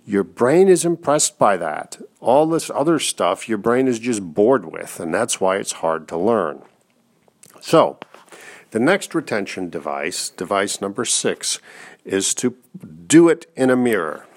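A man teaches in an easygoing, encouraging way, stopping for the odd filler. He talks slowly, with a voice that sits somewhat low. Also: big pitch swings. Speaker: instructor. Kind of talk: instructional talk.

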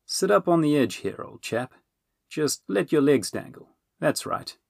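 A man voicing a cheerful, fussy male wizard, chummy and brisk. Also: a little high, very animated, creaky, no room sound, studio quality, voice pushed up, exaggerated voice.

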